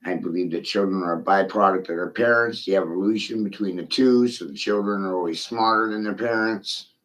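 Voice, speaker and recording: A man's voice: sits low, brisk, fairly bright tone, poor audio. Man ranting profanely on a livestream. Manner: ranting, profane, addresses a viewer by name. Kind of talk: rambling monologue stream.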